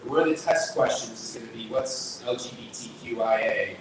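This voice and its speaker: A man's voice: mid-range voice, fairly quick. Young man, stand-up, rambling and filler-heavy, far from the mic in a very echoey room. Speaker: stand-up comedian. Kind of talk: stand-up set at an open mic. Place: small bar performance space. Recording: echoey room picked up from afar, noisy.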